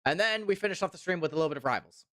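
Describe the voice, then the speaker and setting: A man's voice: high voice, animated, very fast, bright, forceful tone, dry recording, clean studio sound. A man in his twenties from Canada, chatting casually on a live stream, rambling and repeating himself while reading chat. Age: 20s.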